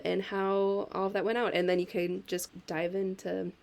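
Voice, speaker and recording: A woman's voice: mid-range voice, little pitch movement, moderate pace, creaky, darkish tone, a little hiss or hum. A woman who is a doula and hosts a podcast, giving a friendly intro and then asking loose, casual questions.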